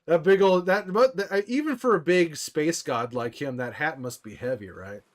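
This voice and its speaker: A young man chatting casually on a live stream, reading viewers' messages aloud and answering them in a relaxed, rambling way. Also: on the high side, normal speed.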